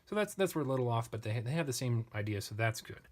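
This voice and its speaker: A man hosting a lesson, walking patiently and methodically through a text and thinking aloud with small pauses and restarts. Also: medium pitch, expressive. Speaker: language teacher; channel host. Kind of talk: screen-share lesson comparing texts.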